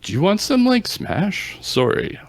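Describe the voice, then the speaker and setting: A man's voice: high voice, big pitch swings, unhurried, no echo, voice pushed up, full character voice. A man voicing a foul-mouthed young street punk who rambles with lots of fillers and turns paranoid. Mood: rambling. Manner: rambling, swears a lot, filler-heavy.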